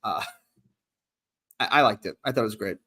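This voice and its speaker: A man's voice: fairly low pitch, moderate pace, bright, forceful tone. A man speaking as a guest in a casual podcast chat, opinionated and matter-of-fact.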